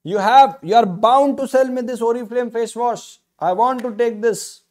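A man's voice: very high voice, normal speed. A man with an Indian English accent teaching a law lecture online, repeating key phrases with emphatic, rhetorical questions. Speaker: law tutor.

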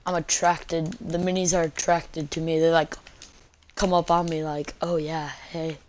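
A woman's voice: low voice, little pitch movement, normal speed, darkish tone, slight background noise. Goofy, teasing woman gaming host. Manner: goofy, joking, playfully teasing viewers. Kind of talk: let's-play gameplay commentary.

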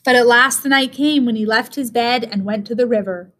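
Expressive and measured, a teacher with a slightly high-pitched voice narrates a fairy tale out loud.

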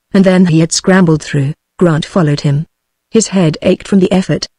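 A synthetic British female text-to-speech voice narrating an audiobook in a flat, even reading. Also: on the low side, no echo, studio quality. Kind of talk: scripted narration.

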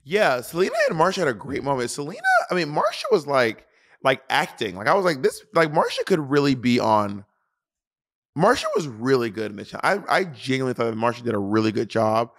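A man's voice: medium pitch, huge pitch swings, fairly bright tone, dry recording, clean studio sound. A man co-hosting a casual review podcast over a video call, teasing and restarting his sentences often. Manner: playful, teasing, halting with many restarts. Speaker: podcast co-host.

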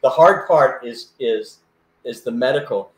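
An older man telling a lively anecdote in a casual chat, acting out other people's voices as he goes. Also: medium pitch, a little slow, roomy sound. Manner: animated, acts out voices in anecdotes. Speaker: guest.

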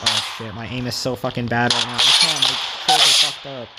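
Young male gamer, mid pitch, excitable and swearing, heavy noise under the voice. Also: brisk. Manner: excitable, cursing, complaining. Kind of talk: casual gameplay commentary. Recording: loud background noise.

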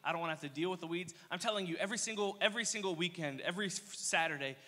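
A young man preaching a casual youth sermon, telling energetic, slangy stories with playful asides. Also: high voice, racing. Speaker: youth pastor. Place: church hall. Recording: long reverb of a church hall.

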